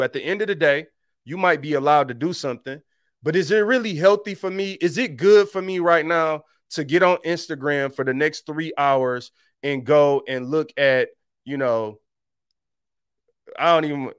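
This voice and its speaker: A man's voice: a little high, clean tone, no echo, clean studio sound. A young adult man hosting a faith podcast, teaching scripture in a casual, joking way with slang. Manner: animated and joking, with street slang, mocking voices in quotes. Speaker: podcast host.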